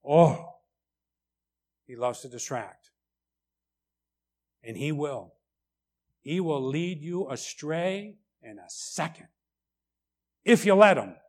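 A middle-aged male pastor preaching a sermon in an animated way, often breaking in with asides like "right?" and "okay?". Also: fairly high pitch, takes it slowly, pauses often.

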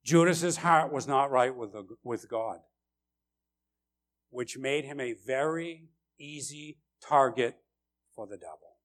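A man preaching a sermon with passion, swelling loud on key phrases and repeating lines for emphasis. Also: mid-range voice, takes it slowly.

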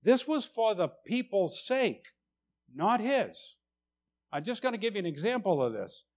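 A man preaching a sermon, emphatic and deliberate, often asking "right?" to check in with his listeners. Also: sits high, very animated. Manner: slow, deliberate delivery with rising, urgent stresses.

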